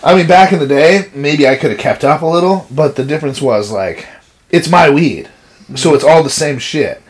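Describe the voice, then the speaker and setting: Profane, animated man telling stories. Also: a little high, normal speed, slight background noise. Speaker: podcast co-host telling stories. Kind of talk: casual chat.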